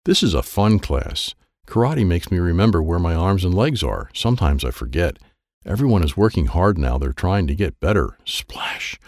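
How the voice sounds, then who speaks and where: A man narrating a children's story in an expressive, playful read with sound effects. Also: low-pitched, moderate pace, dry recording, studio quality. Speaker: audiobook narrator.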